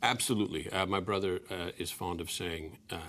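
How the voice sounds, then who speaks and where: A man's voice: sits low, brisk, fairly bright tone. A man in his forties, an actor guest answering interview questions, self-deprecating and hesitant with many restarts.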